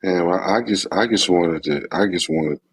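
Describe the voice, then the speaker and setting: Deep, husky, halting man. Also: poor audio. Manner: halting, hesitant restarts. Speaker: panelist. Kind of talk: live-stream discussion.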